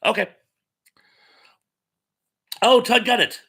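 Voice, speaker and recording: A man's voice: very high-pitched, takes it slowly, gravelly, bright, forceful tone, breathy edge. A man hosting a casual livestream, reading viewer comments aloud and rambling loosely between them with many ums and uhs. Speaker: host.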